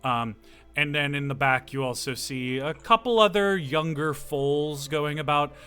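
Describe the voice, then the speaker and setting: A man's voice: mid-range voice, sharp tone. A man narrating as game master of a tabletop game, descriptive with many fillers.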